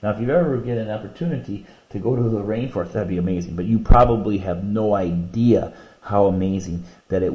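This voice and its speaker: A male teacher in a recorded lesson video, explaining vocabulary and reading short poems aloud slowly and rhythmically. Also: lowish voice, mellow, roomy sound.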